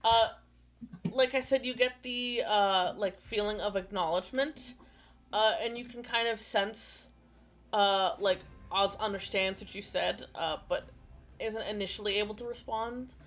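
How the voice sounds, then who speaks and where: Bright-voiced woman game master. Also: medium pitch, a little slow. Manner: rambling, many fillers and apologies. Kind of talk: narrating a tabletop game.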